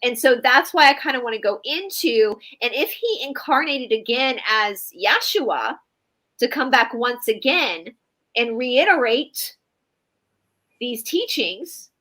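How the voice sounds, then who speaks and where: Woman, co-host, casual live chat, bright high voice, animated. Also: slow, poor audio. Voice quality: animated, laughs readily. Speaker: co-host of a live spiritual talk stream.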